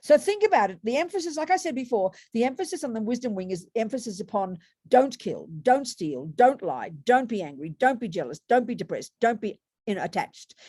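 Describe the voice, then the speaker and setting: A woman's voice: medium pitch, dark tone, no echo, clean studio sound. A woman giving a Buddhist dharma talk to students, conversational, with rhetorical tag questions and frequent restarts. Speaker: Buddhist meditation teacher.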